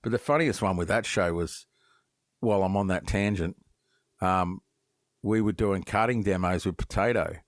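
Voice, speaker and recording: Podcast guest: Australian man, deep voice, dry close sound, rambling swearing storyteller. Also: normal speed, long pauses, dry recording. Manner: lively storyteller, swears freely, acts out quoted voices; many false starts and repeated words. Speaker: guest knifemaker. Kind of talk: casual podcast interview.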